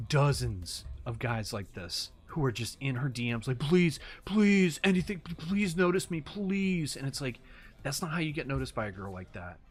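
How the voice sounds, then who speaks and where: A man's voice: medium pitch, slightly rough. A man giving casual reaction commentary, incredulous and rambling, swearing now and then. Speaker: YouTube commentator.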